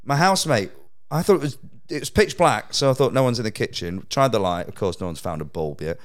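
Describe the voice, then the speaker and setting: A man's voice: medium pitch, expressive, brisk. A man, a stand-up comedian telling a sweary anecdote in casual chat and laughing through the punchlines. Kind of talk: casual podcast chat, storytelling.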